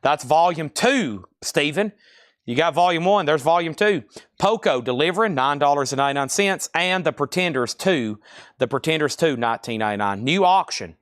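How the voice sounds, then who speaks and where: A man hosting a live-stream record sale, calling out titles, bids and prices in a steady stream. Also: fairly high pitch, no room sound, studio quality. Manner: rapid-fire listing of items and prices. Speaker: live auction seller.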